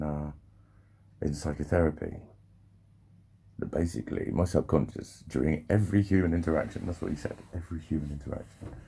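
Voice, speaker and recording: A man with a very deep, gravelly voice that carries a husky edge. He talks in a loose, rambling vlog monologue, swearing freely and interrupting himself. The tone stays dark and mellow throughout. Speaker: vlogger.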